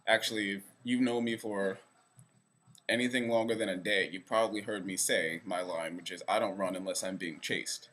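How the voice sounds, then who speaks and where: Rambling young man, low-pitched. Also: steady tone, moderate pace, a bit bright. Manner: rambling, self-deprecating. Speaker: vlogger. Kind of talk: casual direct-to-camera vlog. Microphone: camera facing speaker.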